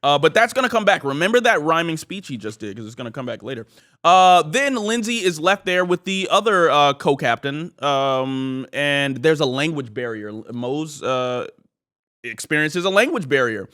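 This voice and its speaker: A man in his thirties recaps a show in casual podcast chat. His voice sits a little high and swings widely in pitch. He keeps bursting into quoted lines from the episode. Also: moderate pace. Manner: animated, acts out quoted lines. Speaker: podcast co-host.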